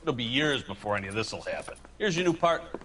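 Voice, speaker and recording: A brisk police commander. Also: male voice, mid-range voice, sing-song, a bit bright, slight background noise. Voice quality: brisk, businesslike. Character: gruff, matter-of-fact older male police commander.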